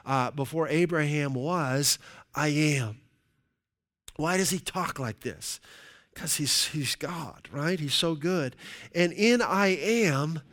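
A man's voice: fairly high pitch, a bit bright. A middle-aged male pastor giving a conversational sermon, checking in with the congregation with frequent "right?"s.

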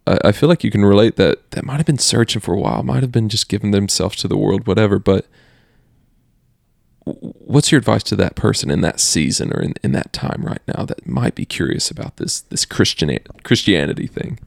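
Gravelly low-voiced man, chummy podcast host. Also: lively intonation, a little fast, no echo, studio quality. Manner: upbeat, chummy, says "man" often. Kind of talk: casual faith discussion.

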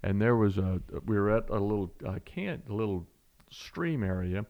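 A middle-aged man telling a personal story in a conversational way, animated and acting out the voices. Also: fairly low pitch, moderate pace, muffled recording. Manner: animated storyteller, acts out voices, restarts often.

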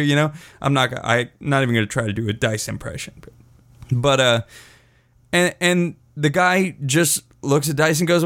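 A man with a slightly high-pitched voice tells a rambling story on his podcast. He swears freely and laughs at his own words as he goes. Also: moderate pace, fairly bright tone, dry recording, clean studio sound. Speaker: podcast host. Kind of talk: casual storytelling.

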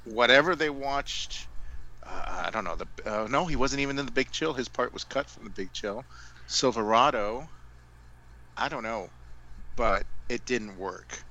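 A man's voice: mid-range voice, animated, measured pace, pushed and bright, low-quality recording. A man co-hosting a casual podcast chat, rambling through asides and correcting himself as he goes. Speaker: podcast co-host.

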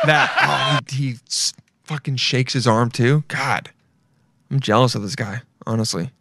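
A man's voice: medium pitch, steady tone, unhurried, gravelly, very noisy. A young adult man hosting a podcast, rambling and swearing as he rants in a loose, casual way, often breaking into laughter. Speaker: podcast host. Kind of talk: casual solo podcast rant.

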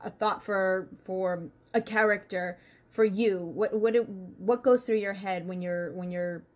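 A woman's voice: medium pitch, fairly even intonation, measured pace. A woman co-hosting an interview, asking curious, rambling questions in a casual chat. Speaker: co-host.

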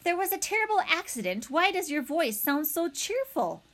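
Reading from a storybook, a woman gives a full character voice to an old gray female goose, pitched well above her own into a very high, fairly bright register. At a moderate pace and with big pitch swings, the goose squawks blunt, scolding advice in a brisk mood.

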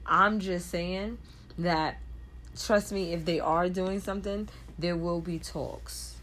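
A woman co-hosts a casual podcast, speaking as a mother in a blunt, emphatic way. Her voice sits a little low, and she swears freely and laughs easily. Faint ambient noise sits behind her. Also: fairly even intonation, takes it slowly, fairly bright tone.

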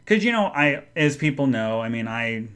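A middle-aged man tells a personal story on his podcast, rambling through restarts and trailing phrases. His voice sits at an ordinary middle pitch and often drops soft and subdued with emotion. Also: sing-song, clear, resonant tone. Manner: rambling, halting, full of restarts. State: emotional, subdued when speaking of his mother. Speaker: podcast host.

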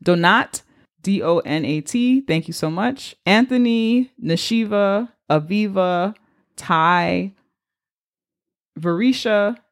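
A woman's voice: mid-range voice, takes it slowly. A woman with a Bronx accent co-hosting a podcast, upbeat as she reads out listener messages and thanks people by name. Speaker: podcast co-host. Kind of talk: casual chat, reading listener messages.

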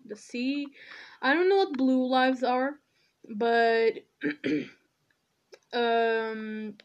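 Slow-talking indignant woman, higher voice. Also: highs cut off. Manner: indignant, outspoken, swears often. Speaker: podcast host. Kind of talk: casual solo monologue.

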